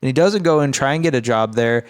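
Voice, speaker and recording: Man, podcast co-host, smooth resonant voice, mid pitch, laid-back, profane, rambling. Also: expressive, fast talker. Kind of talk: casual chat recapping a film.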